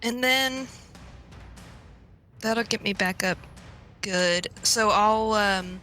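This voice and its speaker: A woman's voice: medium pitch, drawn-out words, sharp tone, soft background music. A woman playing a tabletop role-playing game, thinking aloud hesitantly with many ums. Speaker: player. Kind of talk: casual tabletop play.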